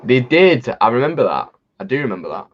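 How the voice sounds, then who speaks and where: A livestream co-host chats fast in a sing-song mid-range voice while watching football, laughing often and restarting as he rambles. The stream audio sounds dull and lo-fi.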